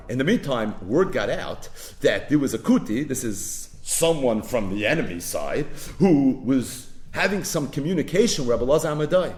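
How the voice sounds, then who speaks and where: A man teaching a Talmud lesson, retelling the story dramatically and building to emphatic peaks. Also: mid-range voice. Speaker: Talmud lecturer.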